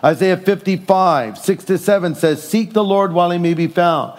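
A middle-aged man preaching a sermon in an animated way, acting out voices as he tells stories and jokes. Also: high-pitched, moderate pace. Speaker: pastor.

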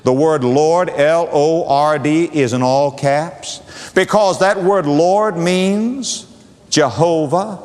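A man preaching a sermon with a dramatic cadence, repeating phrases and swinging from booming to hushed. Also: slow pace. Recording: long hall reverb.

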